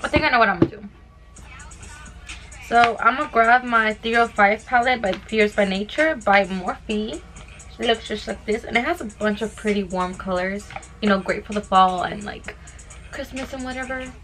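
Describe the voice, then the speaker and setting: Bright-voiced young woman chatting fast. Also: medium pitch, soft background music. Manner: fast-talking, full of "like" fillers. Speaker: beauty vlogger. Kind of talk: casual get-ready-with-me chat.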